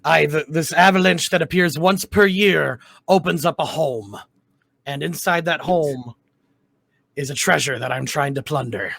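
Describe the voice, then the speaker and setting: A man voicing a gruff, greedy male pirate captain who growls out a scheme. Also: a little high, a little slow, a bit bright, no echo, heavily acted. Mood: scheming.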